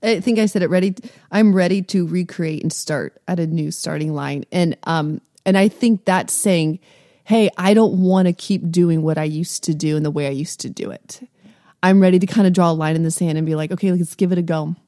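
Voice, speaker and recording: A woman's voice: lowish voice, brisk, mellow, dry recording, clean studio sound. A woman co-hosting a casual chat, adding short agreeing asides and occasional stories. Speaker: podcast co-host, mother.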